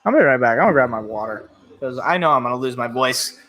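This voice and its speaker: A young man hosting a sports show, giving rambling, excitable live reaction commentary as events unfold. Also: medium pitch, fast. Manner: excitable, rambling, thinks aloud.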